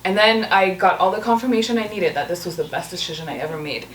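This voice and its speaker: A young adult woman, a guest on a talk show, telling a dating story in casual, animated chat and acting out the pleading messages she got. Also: mid-range voice, fast, echoey room, recorded from a distance, slight background noise, rough recording. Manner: animated, acts out the man's pleading texts.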